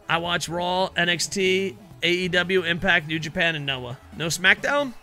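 A man streaming a wrestling video game, chatting casually with his audience and reacting loudly to the matches, swearing now and then. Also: sits high, normal speed, hardly any pauses, faint music behind. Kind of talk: casual chat over gameplay.

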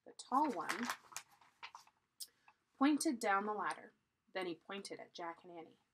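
A woman reading a children's chapter book aloud in a deliberate, teacherly way, pausing to explain. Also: medium pitch, big pitch swings, fairly bright tone, a little hiss or hum, poor audio. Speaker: storybook reader.

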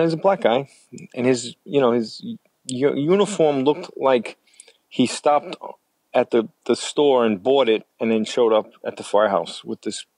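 An older man, a retired firefighter, telling stories in a rambling, halting way with many fillers. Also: medium pitch, darkish tone, no room sound. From New York City. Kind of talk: conversational storytelling.

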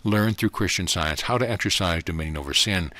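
A deep-voiced man giving voice to a young woman, gentle, steady, certain, slow explaining, dry close sound, audiobook reading. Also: no echo. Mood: calm earnest.

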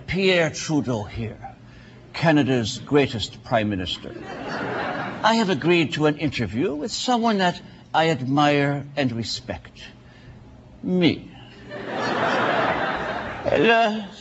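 A man doing a comedy impression of a vain former prime minister who interviews himself, smug and halting with many uhs. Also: fairly high pitch, sing-song, lo-fi sound, noisy background.

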